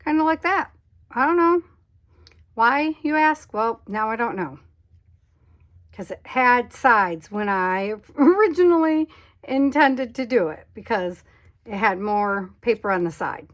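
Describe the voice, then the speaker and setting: A woman's voice: on the high side, lively intonation, measured pace. Chatty rambling woman crafting aloud. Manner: chatty, rambling, self-questioning, talks to herself; drops to a whisper at times. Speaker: craft vlogger. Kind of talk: casual chat while crafting.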